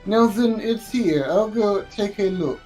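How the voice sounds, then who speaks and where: A man voicing a German man of the people in a put-on German accent, speaking in brisk declarations. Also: high voice, darkish tone, roomy sound, soft background music, voice pushed up. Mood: declaiming.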